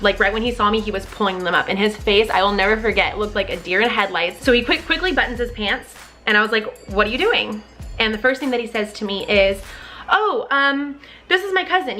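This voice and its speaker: A young woman casually telling a personal story to camera, candid and expressive, with plenty of "like" and the odd swear word. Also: mid-range voice. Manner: candid and expressive, with frequent "like" and profanity.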